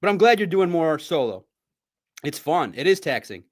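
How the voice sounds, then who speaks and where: Male sports podcast host, casual playful banter and friendly trash talk, fairly high voice with a very lively pitch. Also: normal speed. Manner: swings between loud bursts and low asides.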